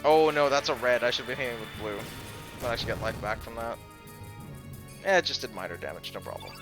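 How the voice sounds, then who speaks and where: A man's voice: medium pitch, fast, music in the background. A man giving chatty live commentary as he streams a video game from home, thinking aloud and laughing easily.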